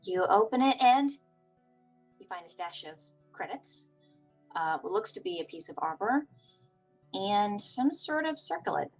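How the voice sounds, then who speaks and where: Female game master, calm descriptive narrator, mid-range pitch. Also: a little slow, long pauses, faint music behind, low-quality recording.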